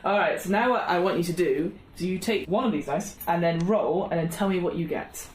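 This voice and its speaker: A woman's voice: lowish voice, a little fast. A woman hosting and running a tabletop game, laughing and encouraging her players. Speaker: podcast host and game runner. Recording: echoey room with background noise.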